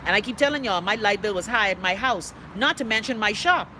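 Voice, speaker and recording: Hosting a casual live stream, a middle-aged woman with a Bahamian accent rants and reads viewer comments, blunt and profane. Her medium-pitched voice is animated and brisk, set against a noisy background.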